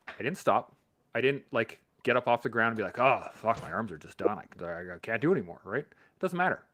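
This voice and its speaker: A Canadian man with a lowish voice hosts a live stream, telling a profane, animated story in a casual, motivational way and laughing often.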